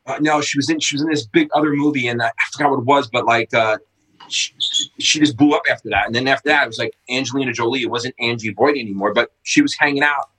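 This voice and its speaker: Excitable husky-voiced man telling stories. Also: mid-range voice, fast talker, low-quality recording. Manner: excitable, swearing, acts out quotes loudly. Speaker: skate shop owner, podcast guest. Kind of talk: casual storytelling.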